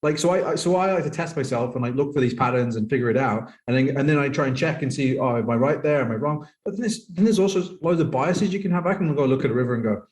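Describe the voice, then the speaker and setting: A man's voice: mid-range voice, animated, a little mellow. A man, a poker coach speaking as a podcast guest in casual conversation, acting out other people's lines as quotes. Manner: fast-talking, acts out others' lines in quoted voices. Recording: roomy echo.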